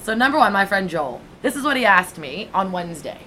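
Woman podcast co-host, casual and teasing, mid pitch, faint background noise. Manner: teasing, lively, quick laughs. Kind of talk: casual chat.

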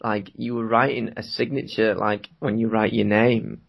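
A man's voice: on the low side, level tone, normal speed, creaky. A man from Britain, co-hosting a podcast, telling a rambling anecdote and laughing often in casual chat. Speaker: podcast co-host.

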